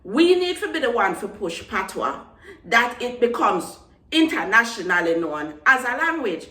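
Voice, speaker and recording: Jamaican lady chatting to camera, mixes in patois, higher voice, kinda far from the mic. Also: big pitch swings, moderate pace, bright, forceful tone. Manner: passionate, mixes Patois phrases into English. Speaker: vlogger. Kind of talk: casual chat to camera. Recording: roomy echo, mic at a distance.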